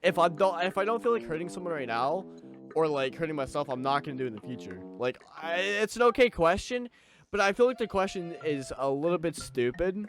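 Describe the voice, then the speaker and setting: A man's voice: on the high side, very animated, a little fast, faint music behind. A young man doing an angry personal rant as a streamer, agitated and swearing, stumbling over his words as he talks to a desk mic. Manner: agitated, swearing, restarts and stammers.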